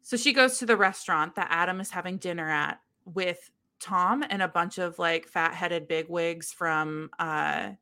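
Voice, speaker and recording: A woman's voice: fairly low pitch, measured pace. A young woman co-hosting a podcast, telling a book's story in casual chat and acting out the quotes. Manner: animated storyteller, acts out quotes. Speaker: podcast co-host recapping a book.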